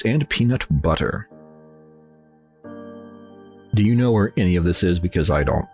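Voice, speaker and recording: A man's voice: low voice, animated, slow pace, pauses often, faint music behind. A man casually commenting while he plays a horror game, rambling and joking with himself and talking back at the game. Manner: rambling, self-mocking, talks to the game. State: slightly nasal after sneezing. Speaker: let's play host.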